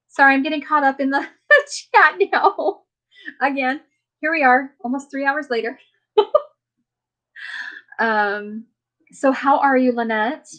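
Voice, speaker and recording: A woman's voice: high-pitched, slow, long pauses. A woman hosting a casual live chat and talking to her viewers in a rambling, friendly way, with lots of fillers. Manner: rambling, chatty, many fillers; warm, friendly toward viewers. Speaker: live stream host.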